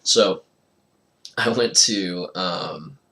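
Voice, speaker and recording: A man's voice: deep voice, very slow, pushed and bright. A young man telling a casual personal story, rambling with lots of fillers and frequent laughter.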